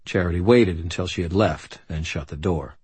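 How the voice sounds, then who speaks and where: A man's voice: sits low, normal speed, a little mellow, husky. A man giving dry, wry first-person narration for an audiobook.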